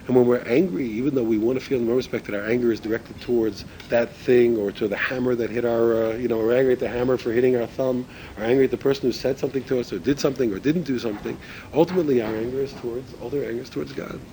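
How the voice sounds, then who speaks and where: A man's voice: mid-range voice, fairly even intonation, quick pace, dark tone, slight background noise, low-quality recording. Man teaching with rhetorical questions. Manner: conversational, rhetorical questions, frequent restarts. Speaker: Torah teacher. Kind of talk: religious ethics class.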